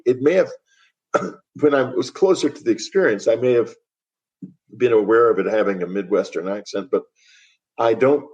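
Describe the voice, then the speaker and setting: An older man speaking as a guest author in a podcast interview, wry and reflective, often pausing and restarting. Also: medium pitch, a little mellow.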